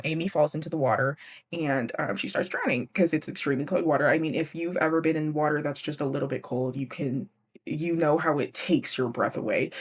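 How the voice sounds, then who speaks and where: A woman's voice: low-pitched, no echo. A young woman hosting a casual book recap, chatty and swearing freely, laughing as she goes. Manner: chatty, profane, laughs often. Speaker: podcast host.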